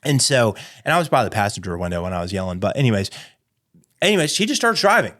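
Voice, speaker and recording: A man's voice: on the low side, sing-song, quick pace, a bit bright. A man co-hosting a podcast, telling a long story in casual chat, with lots of fillers and "anyways". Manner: rambling, filler-heavy storytelling with frequent "anyways". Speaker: podcast co-host and dog trainer.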